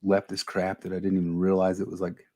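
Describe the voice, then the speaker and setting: Male podcast host, low voice, dry close sound, blunt and opinionated. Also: monotone, fast talker, mellow, dry recording. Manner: blunt, opinionated, swears freely. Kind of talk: casual podcast chat.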